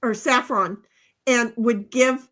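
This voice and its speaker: Woman co-host, casual livestream chat, unhurried and rambling, slightly high voice, playful and self-mocking. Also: fairly even intonation, a bit bright. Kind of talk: casual chat, reading viewer comments aloud.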